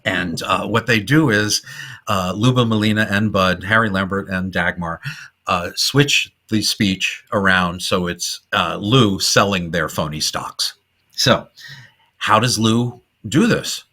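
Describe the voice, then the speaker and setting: A man's voice: fairly low pitch, slow, pushed and bright. A middle-aged man hosting a podcast, casually and enthusiastically retelling old comedy film scenes and laughing often. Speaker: podcast host.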